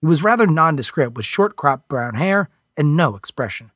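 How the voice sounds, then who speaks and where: A man reading a novel aloud as a narrator, in a steady storytelling delivery. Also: fairly high pitch, moderate pace, no room sound, studio quality. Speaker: audiobook narrator. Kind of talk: scripted narration.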